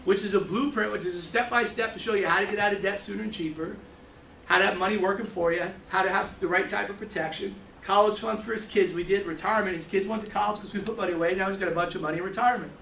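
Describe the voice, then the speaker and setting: New male trainer, animated storyteller, high pitch, distant roomy sound with faint ambience. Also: fast talker, gravelly, a little hiss or hum. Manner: animated storytelling, repeats words. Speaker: financial services trainer. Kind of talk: training talk to a room. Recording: echoey room from far off.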